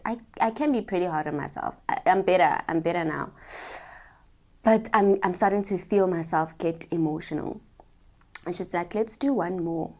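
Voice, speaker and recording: A young woman actor telling a story to her viewers in a casual, animated, chatty vlog. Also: fairly low pitch. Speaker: actor sharing advice.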